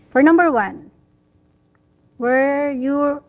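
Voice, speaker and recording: A woman teaching an English lesson one-on-one, patiently praising her student and modelling each sentence slowly. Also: sits high, darkish tone, dull audio. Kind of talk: online one-on-one language lesson.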